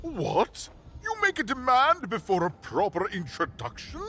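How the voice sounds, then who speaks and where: A pompous, imperious duke. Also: male voice, high voice, huge pitch swings, unhurried, sharp tone, a little hiss or hum, heavily acted. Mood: haughty. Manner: imperious, stiff formal speech. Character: pompous haughty male duke, adult, easily offended.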